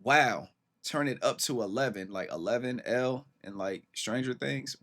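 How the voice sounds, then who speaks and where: An excited man hosts a casual music reaction. He talks fast and eagerly over the track, reading lines aloud and breaking off to comment. His voice sits at an everyday middle pitch. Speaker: reaction channel host.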